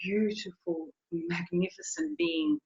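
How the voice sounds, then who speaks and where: A woman's voice: mid-range voice, sing-song, slow pace, vocal fry, a little mellow. A woman riding instructor telling a story in a recorded interview, earnest, often repeating her words. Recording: echoey, dull lo-fi sound.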